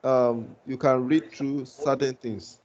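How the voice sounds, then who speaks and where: A man's voice: medium pitch, fairly even intonation, slow, a little mellow, lo-fi sound. A man teaching a live online class, patient and reassuring, often repeating himself. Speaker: instructor. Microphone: video call.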